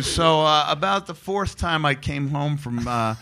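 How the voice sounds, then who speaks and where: A middle-aged man, a guest on a live podcast, telling animated stories and laughing often as he mimics other people. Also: on the high side, a little slow, few pauses, background noise. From United States. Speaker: guest, wrestler turned comedian. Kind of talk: live podcast chat, storytelling.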